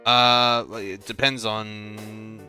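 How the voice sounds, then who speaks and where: Posh British man, bright low voice. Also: flat delivery, slow pace, soft background music. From Britain. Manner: hesitant, laughs often. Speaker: co-host of a game let's play. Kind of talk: casual chat over gameplay.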